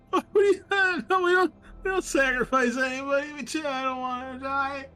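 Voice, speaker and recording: A man voicing a panicking young male cultist who has been captured, pleading in a high, frantic voice. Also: steady tone, extremely slow, heavily acted. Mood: terrified.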